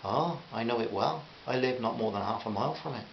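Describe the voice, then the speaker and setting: A kind, heartbroken young man, wistful and plain-spoken, as a male reader does him. His voice is gravelly and mid-pitched. The recording is a little dull with a soft hiss. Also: a little fast, echoey room, close to an everyday voice. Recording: slightly dull with faint hiss.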